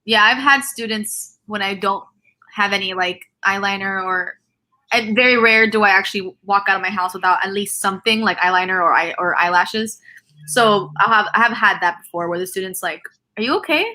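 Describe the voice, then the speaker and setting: A woman's voice: medium pitch, steady tone, normal speed, bright, forceful tone. A woman hosting a casual live video-call chat, talking in rambling restarts and laughing often. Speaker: host; teacher.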